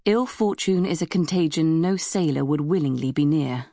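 A woman reading a novel aloud in measured scripted narration. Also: mellow, no room sound, studio quality. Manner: measured storytelling, voices dialogue with raised pitch. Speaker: audiobook narrator.

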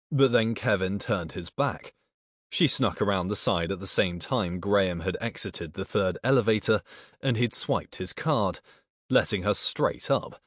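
A man's voice: deep voice, no echo, studio quality. A man narrating a first-person audiobook, with a tense inner monologue full of swearing.

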